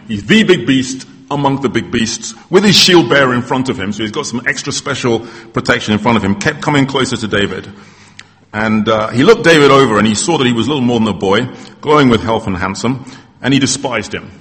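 A male preacher delivers a sermon, retelling a Bible story and dramatizing the characters' lines with energy. His voice sits at an ordinary male pitch. The sound carries a long reverb, as in a church hall. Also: brisk. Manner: animated storytelling, acting out quoted voices.

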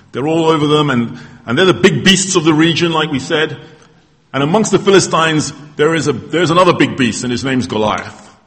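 A male preacher delivers a sermon, retelling a Bible story and dramatizing the characters' lines with energy. His voice sits at an ordinary male pitch. The sound carries a long reverb, as in a church hall. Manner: animated storytelling, acting out quoted voices.

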